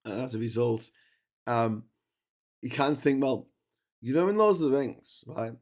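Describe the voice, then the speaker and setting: Here a man with a mid-range, darkish voice speaks in an animated but slightly slow manner during a long solo livestream on his streaming setup. He rambles through casual travel tales with frequent restarts while his voice fades.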